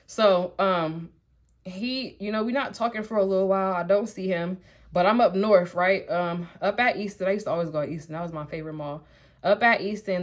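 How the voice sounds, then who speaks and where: Young woman vlogger, chatty storytime, lively slang, acts out quotes. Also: fairly low pitch. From Columbus, Ohio. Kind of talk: storytime while getting ready.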